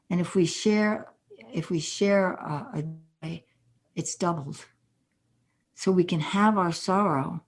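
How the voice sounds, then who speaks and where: A woman's voice: on the low side, darkish tone. An older woman, a guest author on a podcast interview, telling earnest stories with quoted dialogue.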